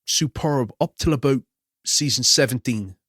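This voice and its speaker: A man's voice: medium pitch, normal speed, a bit bright, breathy edge, no echo, clean studio sound. Chatty opinionated male co-host. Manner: chatty, opinionated, does little mock voices. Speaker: podcast co-host. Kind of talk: casual film chat.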